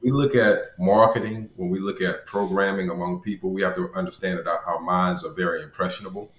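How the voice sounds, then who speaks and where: A man with a very deep voice explains his point in a measured, preacherly way, as a guest doctor on a talk panel. His voice carries a roomy echo, as if he is speaking in a bare room. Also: steady tone, fairly bright tone. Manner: measured, preacherly, uses church terms.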